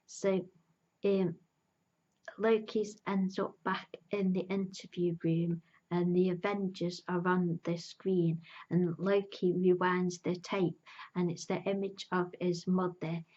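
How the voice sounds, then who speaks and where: A woman's voice: mid-range voice, a little mellow, dull audio. A woman casually recapping a television episode, chatty and enthusiastic, acting out quoted lines between "um"s. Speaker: TV reviewer.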